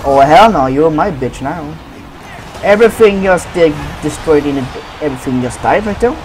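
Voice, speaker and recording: A man's voice: fairly high pitch, animated, normal speed, music in the background. A man giving profane commentary over his own gameplay, trash-talking opponents. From Sweden. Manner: swears a lot, trash-talks opponents. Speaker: gaming commentator.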